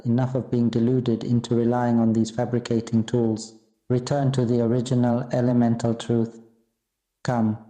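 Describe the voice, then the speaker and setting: A man delivers a solemn Buddhist sermon in a very dark, mellow voice that stays flat and even. His phrasing is repetitive and incantatory, and he sounds like he is in an echoey room. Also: medium pitch. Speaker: Buddhist teacher. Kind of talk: Dharma sermon.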